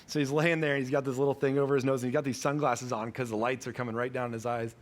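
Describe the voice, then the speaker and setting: A man's voice: medium pitch, little pitch movement, racing. A man in his thirties preaching a sermon as pastor, telling a family story conversationally and correcting himself as he goes.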